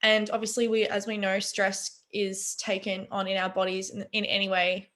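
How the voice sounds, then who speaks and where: A woman's voice: medium pitch, completely flat delivery, normal speed, fairly bright tone. A young woman, telling her personal story earnestly and emotionally on a video call. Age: young adult. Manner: earnest, emotional, many fillers. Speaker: webinar guest.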